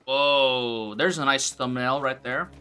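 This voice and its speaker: A man's voice: mid-range voice, slow, pushed and bright, smooth. A man streaming a game and making joking, sarcastic asides as he plays. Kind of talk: casual gameplay commentary.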